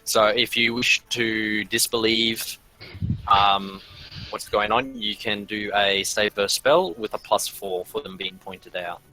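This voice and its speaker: A man's voice: fairly low pitch, fairly even intonation, measured pace, pushed and bright, dry recording, poor audio. A man running an online tabletop game as game master, explaining rules with many hesitant ums.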